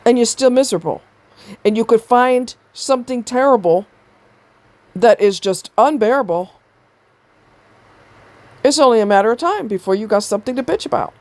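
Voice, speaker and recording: A woman's voice: a little high, expressive, normal speed, long pauses, a little mellow, no echo. A woman giving a blunt, exasperated commentary on a video, swearing freely as she rants. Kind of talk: ranting commentary.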